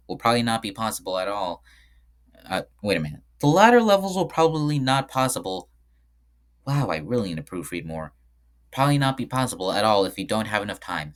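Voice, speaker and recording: A man talks through his own game in a loose, conversational commentary, often stopping to correct himself. His voice sits low but moves a lot in pitch. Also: a bit bright. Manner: rambling, frequent self-corrections. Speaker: game developer. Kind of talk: casual screen-share commentary.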